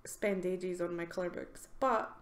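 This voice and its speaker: A woman's voice: on the low side, fairly even intonation, a little slow. Giggly woman chatting on an art stream. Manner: chatty, giggly, answers chat questions with fillers. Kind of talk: casual live-stream chat. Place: home art studio. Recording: roomy home recording with faint ambience.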